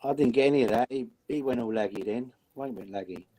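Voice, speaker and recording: A man joining a live chat over a laggy video call, talking quickly and struggling to follow the others. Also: mid-range voice, dark tone, low-quality recording. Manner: quick, confused by the lag. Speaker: guest on a live stream.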